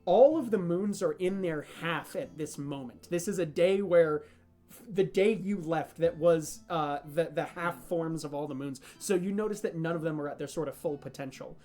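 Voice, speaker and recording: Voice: mid-range voice, moderate pace, dark tone, soft background music. A game master narrating a homebrew tabletop game in a rambling, hesitant way, full of fillers and restarts.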